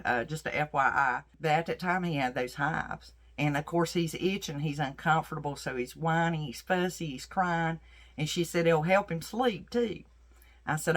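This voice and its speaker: A woman's voice: deep voice, fairly bright tone. A middle-aged woman herbalist telling a personal story in a folksy, earnest, faith-filled way.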